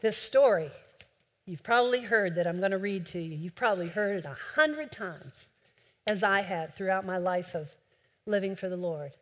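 A woman preaching a sermon with impassioned delivery, swinging between loud urging and a soft hush. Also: medium pitch, normal speed. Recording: long hall reverb.

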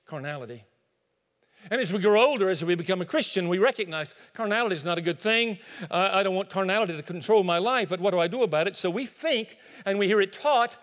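A pastor delivers a sermon in a high-pitched voice, telling an animated story and acting out little asides as he goes. His voice rings with the long reverb of a church sanctuary. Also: fast.

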